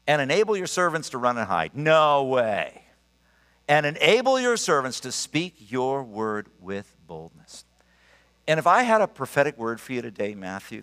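Animated older male preacher in a hall. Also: medium pitch. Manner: animated, emphatic, storytelling with laughs. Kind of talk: sermon with personal storytelling. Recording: long reverb of a large hall.

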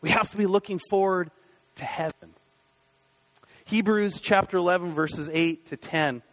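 A man in his thirties gives a relaxed, conversational sermon from the pulpit. His voice sits high for a man, and he talks with plenty of fillers and restarts. He often slips into the inner voices of doubt he is describing. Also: moderate pace. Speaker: pastor. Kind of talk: casual sermon.

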